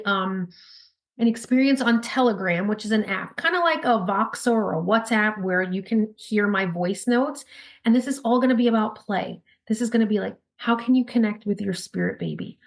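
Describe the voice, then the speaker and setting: A woman with a New York accent, a guest in a casual podcast interview, talking quickly and upbeat with frequent laughs. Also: medium pitch. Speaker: podcast guest, spirit baby intuitive.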